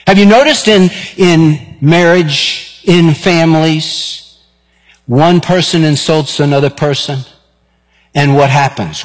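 A man, preaching a sermon and telling stories in an animated way. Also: on the high side, slow. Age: 50s. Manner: animated storyteller, acts out dialogue. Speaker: pastor. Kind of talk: sermon with personal storytelling. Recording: long reverb of a large hall.

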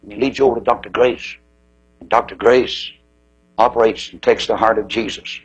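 A man's voice: fairly even intonation, moderate pace, breathy edge, dull audio. A man preaching a sermon, telling stories dramatically and acting out the voices in them. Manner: dramatic storytelling with swooping pitch, acting out quoted voices.

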